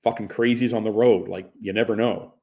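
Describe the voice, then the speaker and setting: A man's voice: fairly low pitch, steady tone, a little fast, gravelly, a little mellow. A male narrator voicing a friendly, easygoing party organizer who talks in a chummy, casual way with some swearing.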